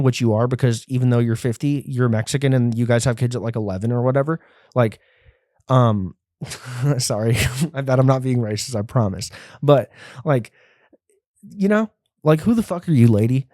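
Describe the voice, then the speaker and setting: A young man hosting a podcast, ranting in a profane, rambling and animated way. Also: mid-range voice, moderate pace, dry recording, clean studio sound. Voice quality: sounds like a white guy, by his own account. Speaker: podcast host. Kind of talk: casual rant.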